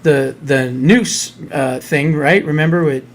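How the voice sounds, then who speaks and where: Male radio host, slightly high, blunt ranting delivery. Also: slow. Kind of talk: casual political talk.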